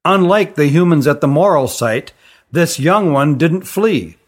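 A male narrator reading a fantasy novel aloud in a steady, deliberate way. His voice sits somewhat higher than most men's. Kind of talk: scripted audiobook narration.

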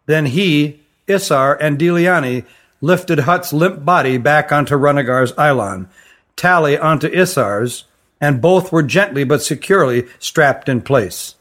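A man's voice: a little high, a little slow, fairly bright tone. Man narrating a fantasy audiobook.

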